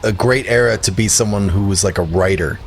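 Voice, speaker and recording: A man's voice: on the low side, brisk, vocal fry, slight background noise. Rambling, jokey male podcast host. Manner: rambling, jokey and animated, laughing at his own lines. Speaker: podcast co-host reviewing records. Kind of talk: casual chat.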